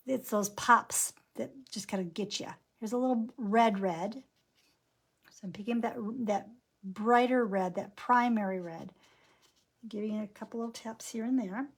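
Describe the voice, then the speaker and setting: A woman teaching a painting class, talking through each brushstroke as she works. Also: medium pitch. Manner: chatty, narrates each brushstroke aloud. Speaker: painting instructor. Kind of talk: live painting lesson.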